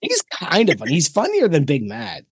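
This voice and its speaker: Animated, lively male podcast co-host. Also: on the high side, normal speed, slightly rough, dry recording. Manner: animated, laughing often, swears freely. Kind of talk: casual podcast chat.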